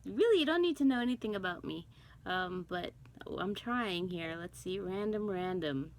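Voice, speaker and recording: Animated and medium-pitched, she talks at normal speed over a little hiss or hum on a rough recording. The speaker is a middle-aged cross stitch vlogger from Guyana, raised in Brooklyn, New York, chatting to camera in a rambling manner with many ums, asides, and self-talk.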